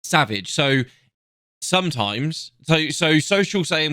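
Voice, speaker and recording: A man's voice: on the high side, unhurried, no room sound, clean studio sound. A young man chatting casually on a podcast, telling stories with lots of swearing. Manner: sweary, animated storytelling. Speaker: podcast co-host. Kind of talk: casual chat.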